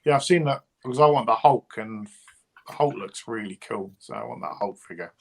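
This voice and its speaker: A man with an English accent chatting casually as a co-host, often trailing off softly. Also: fairly low pitch, animated, a little fast, creaky. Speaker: toy show co-host. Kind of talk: casual chat.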